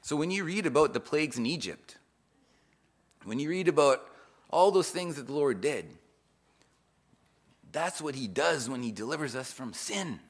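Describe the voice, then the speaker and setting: Preaching an informal sermon, a man earnestly reads scripture aloud and explains it, restarting as he goes. His voice is on the high side and animated, with a moderate pace, long pauses, and loudness that rises and falls for emphasis.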